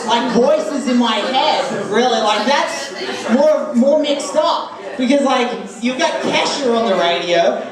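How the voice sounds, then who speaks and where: A comedian doing a deadpan, self-mocking stand-up routine. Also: mid-range voice, a little slow, crowd noise. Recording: echoey room from far off with loud music.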